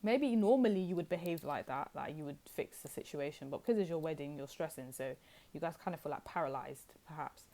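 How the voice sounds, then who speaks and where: Young female tarot reader, deep-pitched, loose and rambling, direct to camera. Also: brisk, mellow. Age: young adult. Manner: chatty, rambling, addresses viewers as guys. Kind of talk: casual tarot reading to camera.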